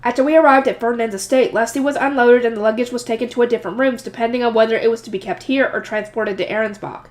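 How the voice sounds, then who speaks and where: A woman's voice: on the high side, fairly even intonation, fast talker, hardly any pauses. A woman reading a light novel aloud with a slightly nasal voice, breaking off into chatty, emotional asides. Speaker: audiobook reader.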